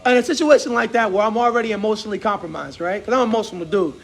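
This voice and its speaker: Guy hosting a barbershop chat, real high voice with some gravel, laughs a ton. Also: racing. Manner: laughs a lot, animated storytelling. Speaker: host.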